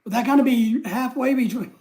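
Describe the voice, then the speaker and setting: A man's voice: very high voice, brisk, a little mellow. An older man hosting a casual livestream, rambling as he reads viewers' comments aloud and greets them by name. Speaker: livestream host.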